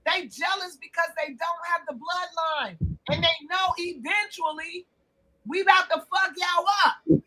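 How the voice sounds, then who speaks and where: A woman co-hosting a podcast in casual chat, profane and emphatic, rising to loud outbursts. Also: very high-pitched, measured pace, rough recording. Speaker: podcast co-host.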